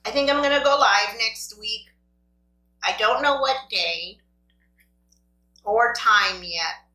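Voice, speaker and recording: Bright-voiced woman chatting while eating. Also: on the high side, takes it slowly, recorded from a distance. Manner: rambling, self-deprecating, talks to viewers. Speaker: mukbang host. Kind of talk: casual chat while eating. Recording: echoey room.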